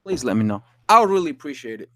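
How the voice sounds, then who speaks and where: A man's voice: mid-range voice, sing-song, very fast, fairly bright tone, no room sound, studio quality. A man live streaming about boxing, reading viewer comments aloud and answering them, swearing and indignant. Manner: talks to chat, reads comments aloud, swears, laughs, indignant. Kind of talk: casual live stream chat.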